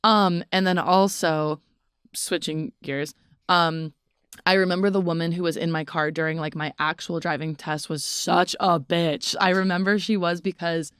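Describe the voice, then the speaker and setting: A woman's voice: on the low side, steady tone, moderate pace, a bit bright, clean tone, dry recording, clean studio sound. A young woman co-hosting a podcast, telling rambling casual stories full of "like". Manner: rambling storytelling, heavy use of "like". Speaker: podcast co-host. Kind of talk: casual chat.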